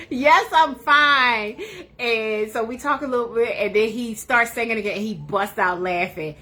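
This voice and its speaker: A woman hosting a livestream, telling a funny personal story in a casual, animated way. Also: on the high side, moderate pace. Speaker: livestream host.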